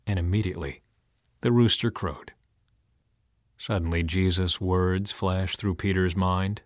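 A man narrating a scripted scripture reading with an expressive, dramatic delivery. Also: deep voice, a little slow, no room sound, studio quality.

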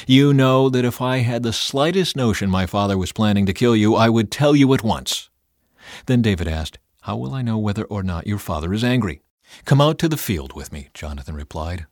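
A man giving a measured, earnest reading of a Bible passage, speaking both the narration and the dialogue. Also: lowish voice, a little mellow, no room sound, clean studio sound. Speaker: scripture reader.

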